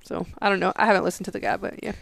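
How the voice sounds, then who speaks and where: A woman's voice: medium pitch, steady tone, racing, creaky, no room sound. A woman co-hosting a podcast, giving her frank opinions in casual chat. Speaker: podcast co-host.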